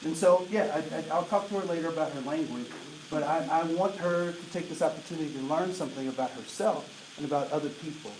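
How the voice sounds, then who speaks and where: A man in his late forties giving an energetic diversity talk to an audience, often asking "right?" to check in with them. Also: a little high, quick pace. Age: 40s. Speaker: diversity trainer. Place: large room with an audience. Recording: roomy echo, voice from a distance, faint noise.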